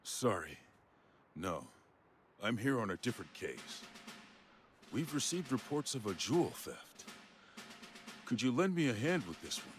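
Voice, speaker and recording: A man voicing a brisk middle-aged police inspector in a video game. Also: mid-range voice, sing-song, faint music behind. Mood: businesslike. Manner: brisk, businesslike.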